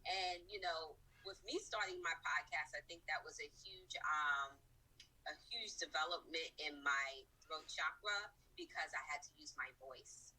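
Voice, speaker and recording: A woman's voice: deep voice, normal speed, bright, forceful tone, husky, recorded from a distance, poor audio. A woman guest chatting in a reflective, earnest way, with lots of filler words. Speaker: podcast guest. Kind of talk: casual conversation.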